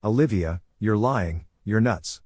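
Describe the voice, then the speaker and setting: A man's voice: lowish voice, animated, a little slow, a little mellow, no echo, studio quality. A man voicing a defensive cheating husband who snaps angrily, in a storybook reading. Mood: angry. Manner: angry, snapping.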